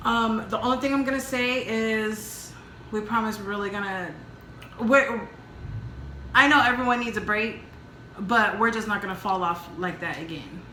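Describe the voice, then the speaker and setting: Woman, bright tense voice, casual mukbang chat, halting and emotional, roomy echo. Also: on the high side, slight background noise. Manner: open, emotional, talks in halting restarts. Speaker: vlog co-host. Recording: echoey room.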